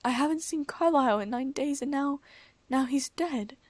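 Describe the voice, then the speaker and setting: A woman's voice: medium pitch, moderate pace, a little mellow, dry recording, natural voice. A woman voicing a grief-stricken young vampire woman who pleads in a raised, strained voice. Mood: distraught. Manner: pleading, distraught.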